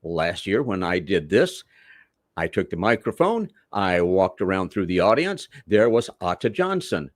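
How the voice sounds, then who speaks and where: A man's voice: low voice, big pitch swings, a little slow, no echo, studio quality. An older man, a veteran wrestler, telling rambling stories in a theatrical, old-school way as a podcast guest. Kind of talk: storytelling in a podcast interview.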